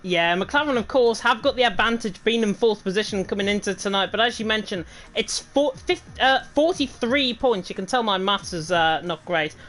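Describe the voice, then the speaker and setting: A woman's voice: mid-range voice, brisk, hardly any pauses, fairly bright tone, poor audio. Chatty Northern English woman commentator. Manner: chatty, self-deprecating, fluent reading of standings. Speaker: race commentator. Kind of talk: live sim racing commentary.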